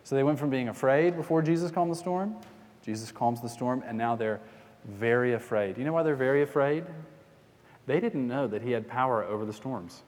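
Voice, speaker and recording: A man's voice: medium pitch, darkish tone, long reverb tail. A man preaching a sermon in a conversational way, now and then acting out scenes as he retells them. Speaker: pastor.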